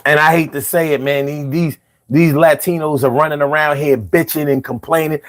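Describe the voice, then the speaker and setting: Heated, profane high-voiced man. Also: fairly even intonation, normal speed. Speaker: political commentator. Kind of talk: ranting commentary.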